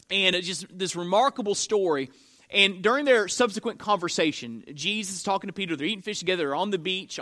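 A man's voice: high voice, sharp tone. A man preaching a sermon, telling Bible stories with earnest, dramatic emphasis. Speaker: pastor.

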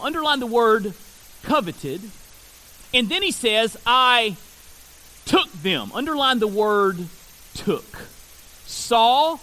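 A man preaching a sermon. He reads scripture aloud and stresses key words with slow pauses. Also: very high-pitched, bright, forceful tone. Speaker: pastor.

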